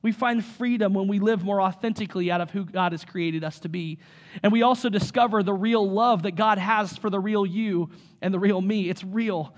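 High-voiced conversational male pastor. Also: normal speed. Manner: conversational, with frequent restarts and asides. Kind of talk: sermon.

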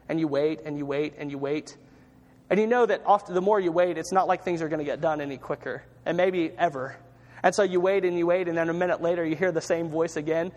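A male pastor with a fairly high voice delivers a conversational sermon, stumbling over and repeating words as he goes. His voice carries a long reverb, as if from a large church sanctuary. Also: fast talker, darkish tone. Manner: conversational preaching with frequent restarts and repeated words.

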